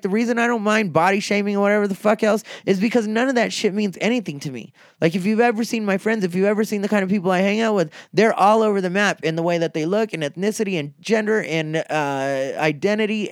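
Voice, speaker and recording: A middle-aged stand-up comedian talking in a casual, profane and combative monologue. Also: male voice, high-pitched, no room sound, studio quality.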